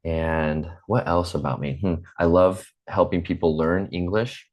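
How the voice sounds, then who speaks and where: Very deep-voiced patient American teacher. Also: male voice, fairly even intonation. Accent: General American. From United States. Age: 40s. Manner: slow, patient, repeats himself. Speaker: English teacher. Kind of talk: online class teaching. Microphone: computer mic on a video call.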